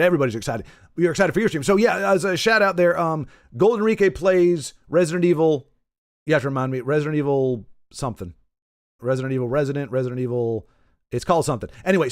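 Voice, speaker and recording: A man's voice: medium pitch, dry recording. Rambling streamer man, dry close mic. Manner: rambling, self-correcting, jokey asides to chat. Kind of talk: casual live-stream chat while gaming. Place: in Texas.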